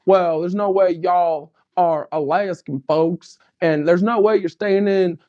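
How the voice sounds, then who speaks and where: A woman's voice: on the low side, fairly even intonation, measured pace, highs cut off, voice pushed down, lightly acted. A woman putting on a man's bad Southern drawl, folksy and mocking, for a movie recap joke. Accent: put-on American Southern. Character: male pilot with a put-on Southern drawl.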